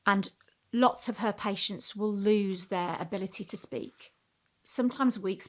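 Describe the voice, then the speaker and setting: A middle-aged communication coach speaks expressively in a podcast interview, varying her pitch and pace to emphasize points.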